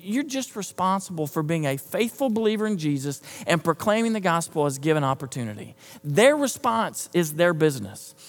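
A man preaching a sermon, talking conversationally, quizzing the congregation and repeating himself as he goes. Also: high voice. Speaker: pastor. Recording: echoey hall, long reverb.

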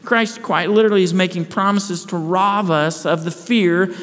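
A pastor with a high, steady, fairly bright voice preaches earnestly to his congregation at a moderate pace. He asks rhetorical questions and restarts phrases, and the church sanctuary gives long hall reverb.

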